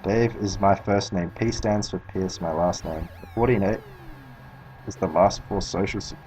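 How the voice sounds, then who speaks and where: A man's voice: deep voice, steady tone, measured pace, a little mellow, a little hiss or hum, poor audio. Rambling, cursing Australian man. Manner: rambling, swears a lot, laughs at himself. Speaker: speedrunner streaming. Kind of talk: casual commentary while playing.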